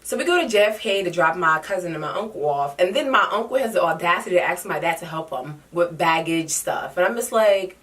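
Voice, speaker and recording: A woman's voice: lowish voice, lively intonation, brisk, few pauses, fairly bright tone. Sassy young woman telling a story, mic a bit distant. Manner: sassy, dramatic, slangy storyteller. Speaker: vlogger. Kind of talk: casual storytime vlog.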